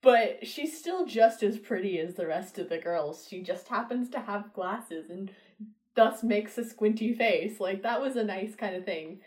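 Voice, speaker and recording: A woman's voice: medium pitch, lively intonation, measured pace, darkish tone. A woman in casual conversation, chatty and laughing often, often trailing off mid-sentence. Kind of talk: casual chat.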